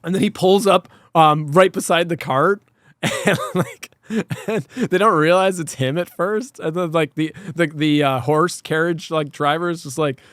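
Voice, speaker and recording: A man's voice: a little high, a little slow, a bit bright, dry recording, studio quality. A man co-hosting a podcast, retelling a cartoon episode in casual chat, acting out lines and sound effects and swearing freely. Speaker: podcast co-host.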